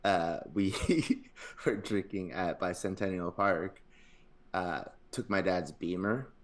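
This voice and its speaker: A man's voice: low-pitched, takes it slowly. A man in his thirties, a podcast co-host, rambling through anecdotes full of fillers in casual chat.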